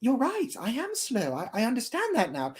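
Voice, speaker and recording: A livestreamer voicing a shy but clever female vehicle in a told story, speaking softly and hesitantly. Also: mid-range voice, wildly swooping pitch, moderate pace, pitched above the performer's own voice. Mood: teasing. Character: timid, gentle female vehicle.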